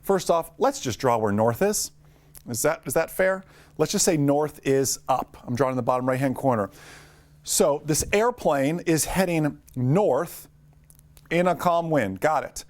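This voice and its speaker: A man teaching a live online lesson for drone pilots, talking fast and upbeat, greeting viewers by name. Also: fairly high pitch, a little mellow.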